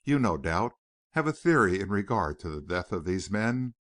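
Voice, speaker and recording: A man's voice: sits low, very animated, moderate pace, fairly bright tone, no echo, clean studio sound. A man reading the lines of a wry, articulate newspaper reporter in an audiobook.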